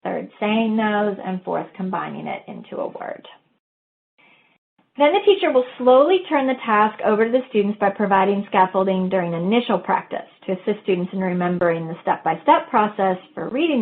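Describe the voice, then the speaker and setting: A woman presents a teaching webinar, moving through a procedure one step at a time and now and then modeling what a teacher would say. Her voice sits at a middle pitch. The audio is thin and boxy, as if heard over a phone line. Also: vocal fry. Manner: methodical, walks through steps and models teacher talk. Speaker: webinar presenter on reading instruction. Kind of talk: explanatory lecture.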